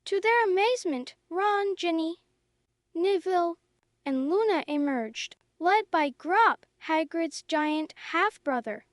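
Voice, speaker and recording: A woman narrating a story in a slow, clear, even reading for English learners. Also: extremely high pitch, dry recording, studio quality.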